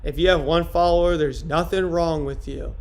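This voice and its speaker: A man's voice: on the high side, steady tone, normal speed. A man from upstate New York bantering brashly with his live-stream chat, joking and swearing casually. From Rochester, New York, USA.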